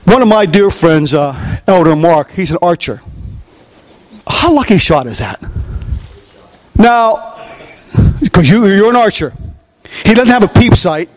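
Pastor preaching, really high voice, bouncy, keeps asking the church questions. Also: male voice, measured pace, pauses often. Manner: animated, asks the congregation questions, acts out scenes. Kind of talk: sermon.

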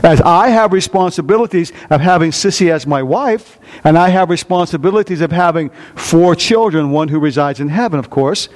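A man's voice: a little high, normal speed. An older man preaching a sermon, asking his congregation call-and-response questions and joking with them. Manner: joking, animated delivery. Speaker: pastor.

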